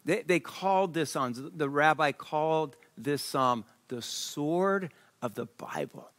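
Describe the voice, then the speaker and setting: A man preaching a sermon, reading scripture slowly and breaking off into an animated story. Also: a little high. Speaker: pastor.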